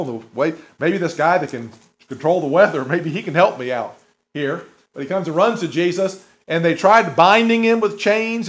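A man preaching a sermon in a conversational way, asking the listeners rhetorical questions. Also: a little high. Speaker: pastor. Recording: dull lo-fi recording.

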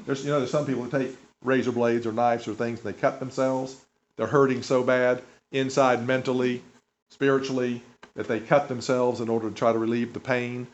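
A man's voice: medium pitch, level tone, a little fast. A man preaching a sermon in a conversational way, asking the listeners rhetorical questions. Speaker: pastor. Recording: dull lo-fi recording.

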